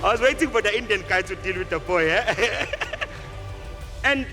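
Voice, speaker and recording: Man, high voice, lively keynote storyteller, faint music under. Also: brisk. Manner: animated storyteller acting out characters. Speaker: speaker. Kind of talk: motivational speech with storytelling.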